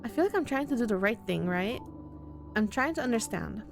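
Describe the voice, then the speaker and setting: A woman's voice: fairly high pitch, animated, brisk, creaky. A woman voicing an earnest, worried young man in a visual novel. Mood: upset. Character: earnest, anxious young man in his twenties.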